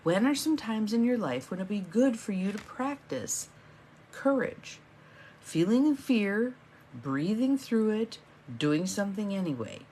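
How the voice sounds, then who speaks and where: A woman's voice: medium pitch, big pitch swings, unhurried, warm tone, breathy edge. A middle-aged woman hosting a live morning coaching stream, chatty and encouraging, greeting viewers by name as they join.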